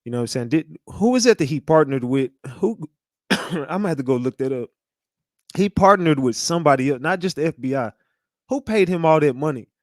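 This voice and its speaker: A man hosting a livestream in a slangy, conspiratorial ramble that keeps doubling back on itself. His voice sits a little high for a man. The sound is dry and close, with no room around it. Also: lively intonation, brisk, no echo. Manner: slangy and conspiratorial, repeats himself, talks to chat. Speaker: livestream host. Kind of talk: casual livestream commentary.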